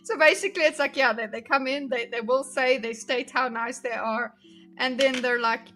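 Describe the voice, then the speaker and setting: Her voice is high with a sharp tone and normal speed, and faint music sits behind it. This woman streamer giggles and chats casually while reacting to videos, speaking to her chat as she works on a diagram.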